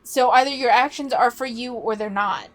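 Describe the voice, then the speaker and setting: A woman with a fairly high, bright-sitting voice, worn slightly hoarse, talks straight at her listeners. She argues bluntly and swears without hesitation, pushing back on what she has just heard. Her tone is casual reaction commentary, not a polished script. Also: moderate pace. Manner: blunt, argumentative, swears freely. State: voice starting to go hoarse.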